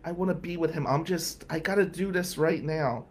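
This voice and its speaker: A woman's voice: low-pitched, moderate pace, a little hiss or hum, lightly acted. A man voicing a clingy young woman pleading tearfully on the phone.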